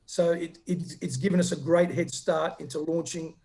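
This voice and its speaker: Gravelly, dark-voiced man answering interview questions. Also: on the high side, fairly even intonation, normal speed. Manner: earnest, upbeat, repeats words when starting sentences. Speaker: company founder, guest.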